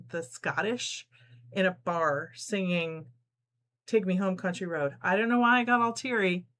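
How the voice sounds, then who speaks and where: Her mid-range voice is a bit bright as this middle-aged woman from New Jersey hosts a casual sewing live stream. She chats, laughs often and reads out what viewers write as she works.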